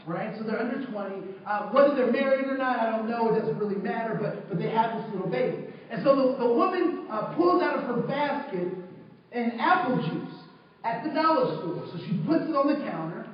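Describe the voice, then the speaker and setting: High-voiced man telling a story in an echoing hall. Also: a little fast, slight background noise. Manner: animated, acts out the people in his story; conversational, checks in with the audience. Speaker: diversity trainer and speaker. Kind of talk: storytelling talk to a live audience. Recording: very echoey hall, far from the mic, lo-fi.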